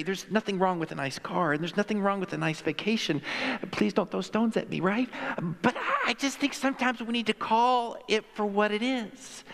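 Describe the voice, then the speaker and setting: A male pastor preaches with a slightly higher voice than most men, talking to his congregation in a loose, conversational way and leaning hard on his key points. A long reverb trails each phrase through the sanctuary. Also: fairly bright tone. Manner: emphatic, conversational, with acted-out quotes. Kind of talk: sermon. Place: church sanctuary.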